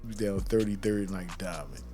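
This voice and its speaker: A man in a casual podcast chat, telling a story in an animated, profane way and acting out screams. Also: sits low, a little fast, soft background music.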